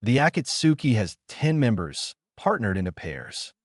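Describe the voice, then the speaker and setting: A man voicing a tired middle-aged village leader who briefs calmly and gravely, in a storybook reading. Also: fairly low pitch, normal speed, dry recording, studio quality.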